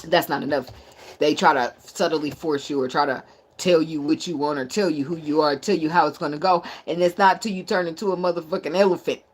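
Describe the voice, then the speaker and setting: A woman's voice: deep voice, fairly even intonation, fairly quick, husky. A woman giving a casual tarot reading, blunt and profane, who laughs a lot and riffs in playful asides. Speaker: tarot reader.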